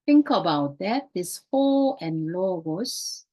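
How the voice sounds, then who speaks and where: A woman teaching a Greek grammar class in a slow, repetitive way, speaking English as a non-native speaker whose first language is Korean. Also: lowish voice, animated, dark tone. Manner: slow, repeats key words, non-native phrasing.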